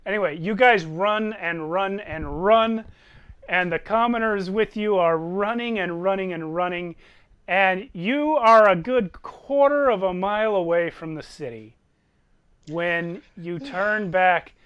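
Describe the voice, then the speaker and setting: A man runs a tabletop game as its game master, telling the story vividly and slowly. His voice is high, bright and very clear. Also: dull audio. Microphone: online voice call.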